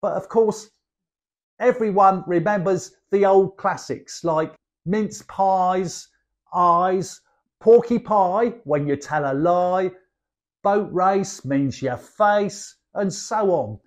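A man's voice: sits high, slow pace. An older man with a Cockney accent from London's East End, explaining slang in a chatty, cheeky way as a lesson guest. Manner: chatty and cheeky, playful asides. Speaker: guest dialect speaker.

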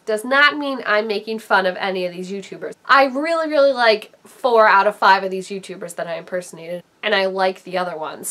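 A woman's voice: on the high side, a bit bright. A woman YouTuber in casual vlog talk, chatty, rambling and self-deprecating.

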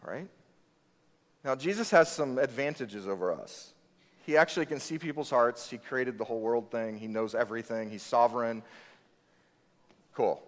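A man's voice: mid-range voice, normal speed, pauses often. A man preaching a sermon as pastor, talking conversationally and telling stories with quoted voices. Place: church hall. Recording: long reverb of a church hall.

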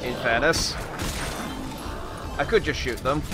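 A man giving joking gameplay commentary in a hammy, put-on Australian accent, with wry, self-mocking deadpan asides. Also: medium pitch, normal speed, long pauses. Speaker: let's play commentator. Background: video game music.

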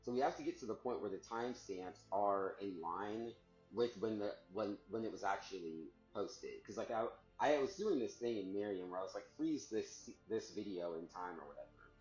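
A man's voice: on the low side, expressive, moderate pace, a little mellow, muffled recording, soft background music. Rambling man in an echoey room. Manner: rambling, full of "like", laughs often, swears. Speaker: vlogger recording himself. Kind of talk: casual rambling monologue.

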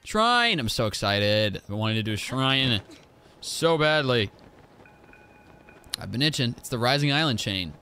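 A man streaming a video game, giving excitable, joking commentary as he plays. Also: medium pitch, moderate pace, long pauses, soft background music. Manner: excitable, exclaims and jokes to himself. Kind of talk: live gameplay commentary.

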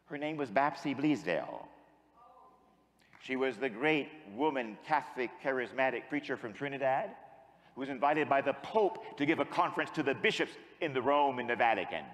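A priest giving a sermon as an animated storyteller who acts out the dialogue. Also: male voice, medium pitch, big-room sound.

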